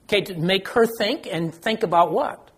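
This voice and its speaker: Older man leading a Bible study, husky. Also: sits high, normal speed, a bit bright. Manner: conversational, asks the group questions, self-deprecating. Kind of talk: informal Bible study teaching.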